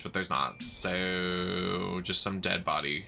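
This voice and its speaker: Man, game streamer, casual live commentary, very bright tone, faint music behind. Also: sits low, slow, creaky. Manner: animated, swings between chatty and exasperated.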